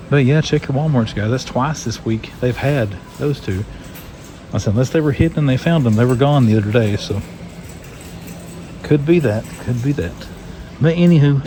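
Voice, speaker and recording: A man's voice: medium pitch, warm tone, a little hiss or hum. A man giving casual running commentary to viewers while browsing toy aisles in retail stores, recorded on a handheld phone. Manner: casual, chatty, talks to viewers as "guys". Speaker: toy collector vlogger.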